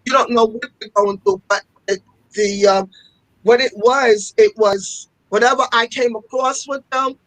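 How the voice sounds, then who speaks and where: Heard in low-quality audio with no echo, she has a slightly high, somewhat bright voice. She runs a fashion school and, as an interview guest in casual conversation, tells stories passionately, frequently repeating herself for emphasis.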